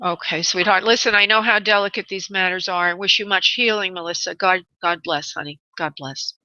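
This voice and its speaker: Woman radio psychic host, bright tone, affectionate and tender, dull lo-fi radio sound. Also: on the low side, a little fast, no room sound. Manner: tender, affectionate, calls callers honey and sweetheart. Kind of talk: live radio psychic reading.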